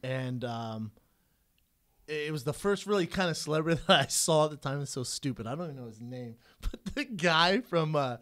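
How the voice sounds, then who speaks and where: A man's voice: a little high, lively intonation, normal speed, fairly bright tone. Teasing man co-hosting a podcast. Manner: teasing, laid-back, profane. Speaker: podcast co-host. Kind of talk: casual podcast chat.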